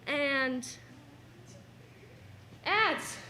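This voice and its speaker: A student athlete, a young woman, gives an emotional farewell thank-you speech in a school cafeteria, holding back tears and laughing nervously between sentences. Her voice is high-pitched, animated, pushed and bright, and she speaks very slowly. A faint hiss or hum sits under the recording.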